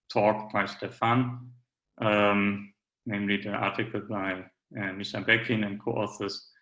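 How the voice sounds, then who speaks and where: A man's voice: fairly low pitch, fairly bright tone, echoey room, poor audio. A man giving a technical conference talk, hesitant with frequent fillers and restarts. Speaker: academic speaker.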